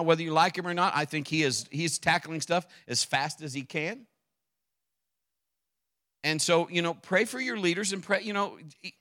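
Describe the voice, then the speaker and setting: Fervent preaching man, bright voice. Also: fairly high pitch. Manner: fervent, emphatic preaching with repetition. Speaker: pastor. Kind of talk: sermon.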